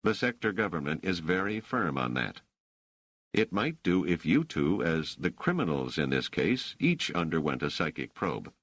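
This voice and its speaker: A man's voice: deep voice, normal speed, dry recording, exaggerated voice. A man voicing a stern, sarcastic police interrogator. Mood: interrogating. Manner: flat, probing, faintly sarcastic. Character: stern male police officer, coolly interrogating.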